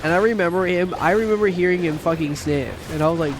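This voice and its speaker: A man in his thirties chatting casually on a game livestream, rambling and swearing, with sudden loud outbursts. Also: sits high, over music. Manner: profane, rambling, quick bursts of shouting. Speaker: streamer. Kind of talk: casual livestream chat while gaming.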